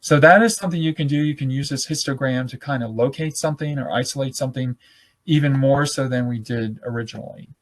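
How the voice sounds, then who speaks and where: A man of ordinary pitch leads a live online class, clicking through a screen demonstration. He talks loosely and thinks aloud, correcting himself as he goes. His voice is a bit hoarse and comes through a computer mic on a video call. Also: fast. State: losing his voice. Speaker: webinar presenter.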